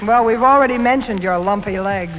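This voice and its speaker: A woman's voice: mid-range voice, fairly quick, slight background noise. A woman guest on a 1940s radio comedy, trading teasing, mock-sweet lines with the host. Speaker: guest actress. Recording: 1940s radio broadcast in a reverberant hall.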